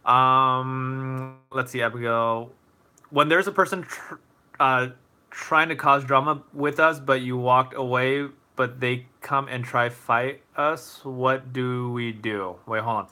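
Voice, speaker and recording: A young man hosts a casual livestream Q&A and answers viewers' questions. His voice is bright and forward at an ordinary pitch. He talks in a relaxed, thinking-aloud way, with plenty of ums and restarts. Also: slow pace. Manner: relaxed and thoughtful, many fillers and restarts. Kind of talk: casual live Q&A.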